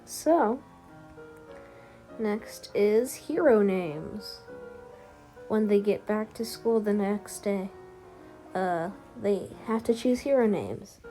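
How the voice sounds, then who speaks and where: Slow, rambling woman telling a story. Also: medium pitch, expressive, dark tone, soft background music. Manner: rambling, with many fillers and restarts. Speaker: YouTube fan-story narrator. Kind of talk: casual unscripted storytelling.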